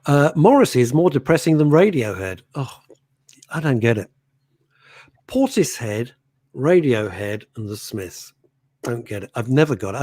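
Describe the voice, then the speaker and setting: Man, radio co-host, theatrical, animated, husky, very lively pitch. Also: no echo. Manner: animated, theatrical, laughs often. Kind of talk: casual radio chat, reading listener messages.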